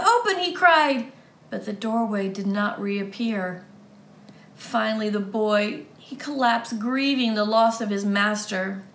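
Slow, expressive woman reading to kids. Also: mid-range voice, creaky, echoey room. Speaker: children's ministry teacher. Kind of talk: reading a story aloud to children.

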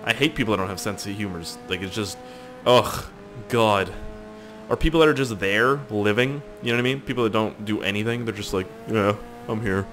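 A man's voice: lowish voice, brisk, fairly bright tone, soft background music. A young man giving casual, rambling gameplay commentary, swearing and joking with viewers. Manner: rambling, profane, jokey, talks to viewers. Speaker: gaming YouTuber.

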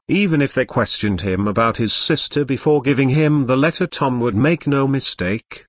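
Male synthetic audiobook narrator, mechanical and even, mid-pitched, dry. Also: dry recording. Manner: even, mechanical reading with odd slips. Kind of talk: scripted narration.

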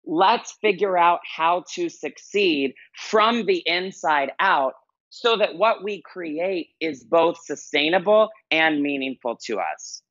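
Earnest bright-voiced man, coaching talk. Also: fairly high pitch, animated, slow pace, dry recording, dull audio. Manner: earnest, emphatic, repeats key phrases. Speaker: podcast guest, life coach. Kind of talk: conversational interview storytelling.

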